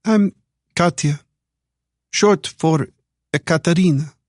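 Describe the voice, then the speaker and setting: A man voices a young Eastern European woman who is guarded yet curious, asking careful questions in a soft, raised tone. His voice sits a little high and is pushed upward, and he speaks slowly. The studio sound is clean with no room noise.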